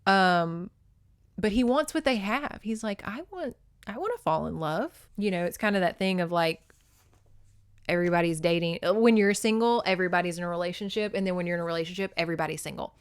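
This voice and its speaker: A woman's voice: lowish voice, quick pace, clear, resonant tone, no room sound, studio quality. A woman hosting a podcast, recapping a romance novel in a casual, chatty way with swearing and laughing asides. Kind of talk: casual book recap with read-aloud passages.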